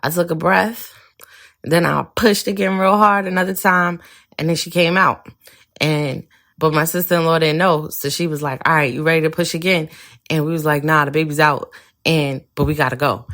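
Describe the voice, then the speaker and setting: A woman's voice: deep voice, fairly even intonation, normal speed, fairly bright tone. A woman host candidly recounting a personal story, slipping into quoted voices and laughing now and then. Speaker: podcast host.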